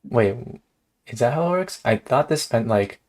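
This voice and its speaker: A man's voice: medium pitch, expressive, moderate pace, darkish tone. A man hosting a casual live coding stream, thinking aloud in a hesitant way and often laughing. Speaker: streamer host.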